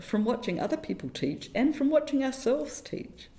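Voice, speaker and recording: A middle-aged woman from New Zealand, a teacher educator telling stories in an interview, animated and self-deprecating, fond of quoting little sayings. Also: high-pitched, moderate pace. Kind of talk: reflective conversational interview.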